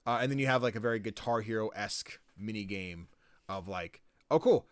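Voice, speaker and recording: A man's voice: lowish voice, a little fast, a bit bright, clear, resonant tone, no room sound. A man co-hosting a podcast, casually recapping a story game, rambling with lots of filler words and frequent swearing. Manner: rambling, swears freely, lots of likes and ums. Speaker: podcast co-host.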